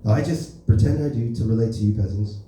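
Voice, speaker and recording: Man doing a pompous crude elder statesman impression, very dark mellow tone, echoey club heard from a distance. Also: mid-range voice, fairly quick, slight background noise, close to an everyday voice. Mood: boastful. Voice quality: brash, rambling, self-important. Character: boastful crude older male politician. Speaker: stand-up comedian. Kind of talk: stand-up impression. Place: comedy club open mic. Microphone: stage microphone. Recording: echoey room from far off.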